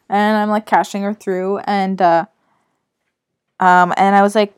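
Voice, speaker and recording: A woman's voice: medium pitch, flat delivery, measured pace, long pauses, clean tone. A young woman, co-hosting a casual podcast chat and rambling through stories while acting out the people in them. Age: young adult. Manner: rambling storyteller, acts out quoted voices. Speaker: podcast co-host.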